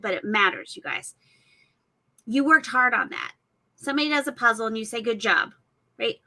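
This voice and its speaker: A woman's voice: a little high, sharp tone, low-quality recording. A woman and mother speaking earnestly on a parenting panel, acting out what parents say to their kids. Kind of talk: casual panel discussion.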